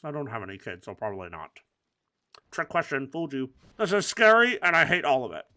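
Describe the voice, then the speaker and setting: A man's voice: medium pitch, sing-song, quick pace, sharp tone. A man giving comedic gaming commentary, rambling through absurd, crude jokes. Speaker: gaming video host.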